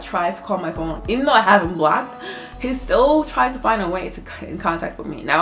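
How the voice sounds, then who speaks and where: A woman telling a personal story in a casual vlog, animated, laughing often and swearing freely. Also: medium pitch.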